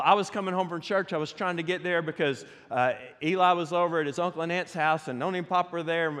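Male pastor, lively storyteller, slightly high voice, sermon in an echoing church hall. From United States. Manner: animated storytelling, rising loud for excitement. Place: church sanctuary.

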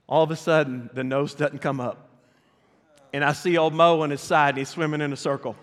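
A man preaches in a church sanctuary, his voice sitting a little high. He tells stories with animated energy and keeps asking the congregation to respond. The sound carries a long reverb from the hall. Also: normal speed. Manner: animated, addresses the congregation directly. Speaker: pastor. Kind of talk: storytelling sermon.

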